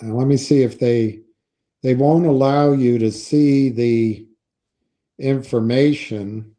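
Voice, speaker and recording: Man, unhurried, mellow dark tone, skeptical, thinking aloud. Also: mid-range voice, fairly even intonation. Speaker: commentator on investing. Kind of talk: casual commentary, reading aloud from a website.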